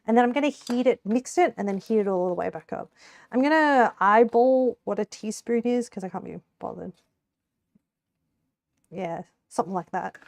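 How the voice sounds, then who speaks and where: A woman's voice: medium pitch, moderate pace, creaky, darkish tone, no room sound. A young Australian woman streaming while she cooks, chatting casually and rambling, with frequent laughs and casual swearing. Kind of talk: casual live-stream chat while cooking.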